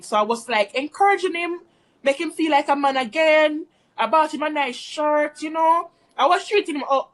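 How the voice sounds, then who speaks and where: Brief: high-pitched woman vlogger, casual rambling storytime, chatty with her viewers. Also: a little hiss or hum.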